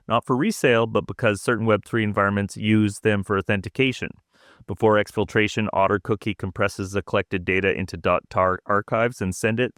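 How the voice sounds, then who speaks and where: A man co-hosting a cybersecurity podcast, reading prepared intel notes in a dry, steady way. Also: on the low side, clean tone, no room sound. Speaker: podcast co-host.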